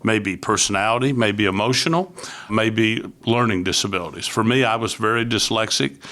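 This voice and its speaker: An older man from Florida who leads a youth ministry appears as a podcast guest, offering an earnest, conversational testimony and acting out the voices of people he quotes. His voice is fairly low, his pace normal, and his tone sharp.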